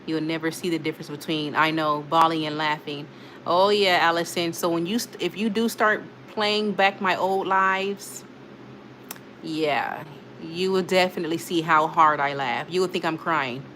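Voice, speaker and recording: A woman's voice: low voice, steady tone, normal speed, a bit bright, slight background noise. A woman hosting a casual live stream, chatting and laughing as she reads out comments from her viewers. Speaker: livestream host reading chat.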